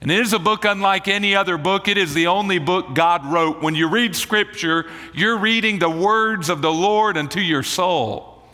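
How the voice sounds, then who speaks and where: Bright-voiced male preacher in a reverberant hall. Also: high voice. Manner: preaching with rising emphasis and slowed dramatic phrasing. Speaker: pastor. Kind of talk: sermon.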